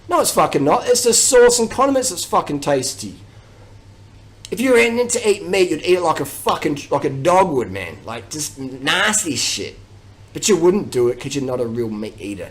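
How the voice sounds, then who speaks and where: A man with a high-pitched voice delivers an aggressive, expletive-laden rant on his vlog. He sounds mocking and combative, and he swears in almost every line. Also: low-quality recording. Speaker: vlogger. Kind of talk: profane rant.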